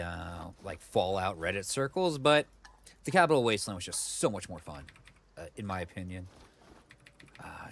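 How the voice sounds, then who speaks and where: A man with a lowish voice streams a video game from his computer, rambling casually with lots of fillers and side comments. He talks into a desk mic, with faint keyboard clicks in the background. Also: gravelly, a bit bright, slight background noise. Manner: rambling, chatty, full of fillers and asides. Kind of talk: casual let's-play commentary.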